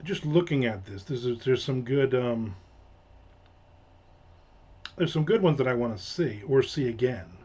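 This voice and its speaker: A man's voice: mid-range voice, lively intonation, unhurried, pauses often, a little mellow, slightly rough. American guy rambling and joking through a livestream chat, kinda muffled lo-fi mic. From United States. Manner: rambling, jokey, trails off and restarts often. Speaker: livestream host. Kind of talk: casual livestream chat reading viewer comments. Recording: slightly dull lo-fi home mic.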